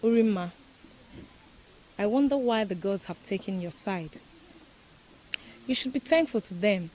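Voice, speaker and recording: An actress playing a haughty young princess, speaking in a cold, commanding way. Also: female voice, medium pitch, expressive, a little slow, darkish tone, a little hiss or hum, close to an everyday voice, rough recording. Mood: imperious.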